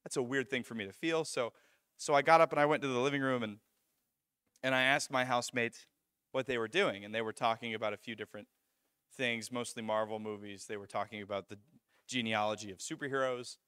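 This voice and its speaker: A young man gives a sermon through a personal story, his voice bright and forward. He tells it with animation, stumbling and restarting as he goes. The sound is dry and close. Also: medium pitch, steady tone, brisk, smooth, no room sound. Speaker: preacher.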